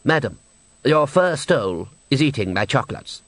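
A man's voice: mid-range voice, very animated, normal speed, a bit bright, dry recording. A man reading aloud voices a prim opera patron who complains with stiff, indignant politeness.

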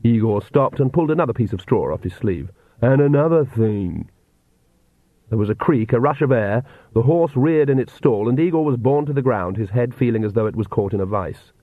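A man reading a novel aloud in measured scripted narration. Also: mid-range voice, expressive, dry recording. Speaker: audiobook narrator. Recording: tinny phone-like dry sound.

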